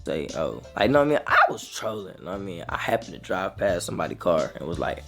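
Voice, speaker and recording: A young man, telling a rambling, slangy storytime to his viewers that grows animated as he retells it. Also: low-pitched, fast, hardly any pauses, faint music behind. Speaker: vlogger. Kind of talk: casual storytime.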